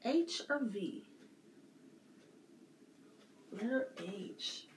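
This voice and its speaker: A woman's voice: medium pitch, lively intonation, very slow, slight background noise. A woman leading a circle time lesson for young children, asking patient questions. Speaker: preschool teacher. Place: church classroom. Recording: echoey room, faint music.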